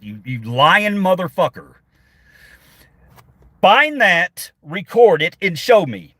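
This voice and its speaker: The voice is a little high and sing-song, slow and full of pauses, slightly bright, with clean studio sound and no room sound. It belongs to a middle-aged man in his car, streaming on his phone and swearing often through a sarcastic, combative reply to chat comments.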